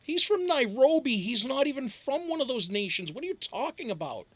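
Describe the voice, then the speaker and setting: Profane, joking livestream host with a lively voice. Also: high-pitched, brisk, slightly rough. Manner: profane, joking, laughs often, trails off with ums. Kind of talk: casual livestream chat, reading viewer comments.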